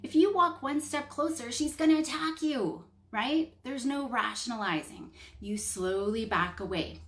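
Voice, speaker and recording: A woman's voice: a little high, roomy sound. A woman with a Canadian accent, a child psychologist coaching parents in a casual talk, explaining step by step and checking in with "right?".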